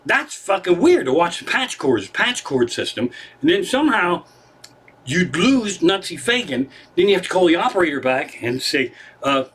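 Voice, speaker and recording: A husky-voiced male comedian who rambles from one topic to the next on a home livestream. He swears freely, and his pitch swings up and down a lot while he talks. His voice sits a bit on the high side for a man. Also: big pitch swings, moderate pace, a bit bright. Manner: profane, rambling, digressive. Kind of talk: rambling stand-up monologue on a livestream. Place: living room at home.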